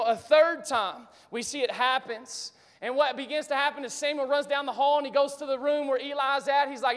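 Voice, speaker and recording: A man's voice: extremely high pitch, brisk, few pauses. A man preaching a sermon to his congregation, talking casually and with lots of energy, joking as he goes. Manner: energetic, casual, talks straight to the congregation and jokes. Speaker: pastor. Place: church sanctuary. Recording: reverberant hall.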